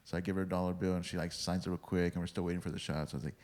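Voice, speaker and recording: A man's voice: sits low, flat delivery, racing, a little mellow, in a large hall. A man guesting on a podcast, telling rambling stories full of swearing and acted-out quotes. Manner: rambling, swears freely, acts out quoted dialogue. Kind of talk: casual storytelling chat.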